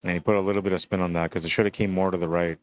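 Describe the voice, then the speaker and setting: A man with a low voice calls a pool match live, talking through each shot in a relaxed, chatty way. Between shots he greets viewers of the stream one by one. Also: very fast, smooth.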